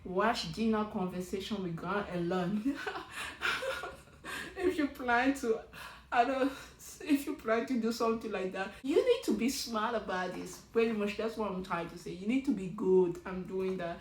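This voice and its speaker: A woman's voice: medium pitch, normal speed, a little hiss or hum. Chatty woman recapping in a roomy room. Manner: chatty and animated, talks straight to the show's cast. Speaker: reality show recapper. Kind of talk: casual recap commentary.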